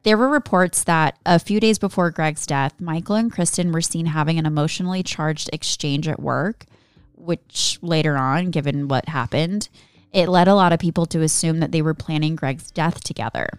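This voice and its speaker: A woman's voice: deep voice, moderate pace, smooth, no echo, soft background music. A woman co-hosting a podcast, telling a true-crime story in a casual, chatty way. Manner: giggly, chatty banter between story segments.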